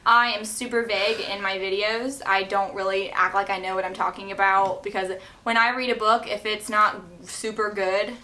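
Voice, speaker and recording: A young woman, a book vlogger chatting casually to camera, who explains things in slow, roundabout ways and draws out her words. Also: medium pitch, steady tone, sharp tone, slight background noise.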